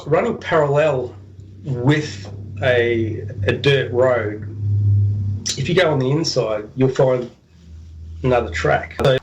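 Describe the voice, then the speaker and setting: Guy on a radio show telling his story, all animated, repeats himself, acts out the noises. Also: mid-range voice, slow, pauses often, a little hiss or hum, low-quality recording. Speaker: guest telling an encounter story. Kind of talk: casual storytelling.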